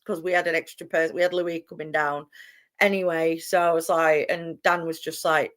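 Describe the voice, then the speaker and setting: An excitable young wrestling announcer from England fields interview questions, her voice sitting low and moving fairly quickly. She's highly expressive and laughs a lot.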